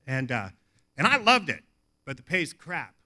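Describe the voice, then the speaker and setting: A man's voice: on the high side, a little slow. A man giving a funny recovery talk at a convention, telling casual stories and acting out conversations. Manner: animated, casual, swears, acts out dialogue. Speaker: AA convention speaker. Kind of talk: humorous recovery talk, storytelling. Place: hotel convention hall.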